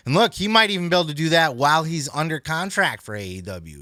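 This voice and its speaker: A man's voice: fairly low pitch, no room sound, studio quality. A man hosting a podcast in casual, rambling chat that is peppered with swearing. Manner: profane, rambling, animated. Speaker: podcast host.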